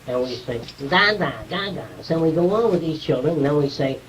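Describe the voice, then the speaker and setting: A man's voice: fairly high pitch, fast, distant mic, a crowd in the background, rough recording. A man giving an informal, conversational lecture to a small group, explaining ideas and checking whether his listeners follow.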